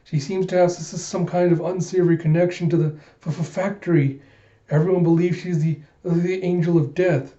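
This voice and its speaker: A man putting on a skittish man who trips over every other word, nudged a bit higher than his usual voice, with a mellow tone in a roomy, slightly dull recording. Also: fairly even intonation, brisk, lightly acted. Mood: nervous. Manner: stutters on word starts. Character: nervous stammering man warning others.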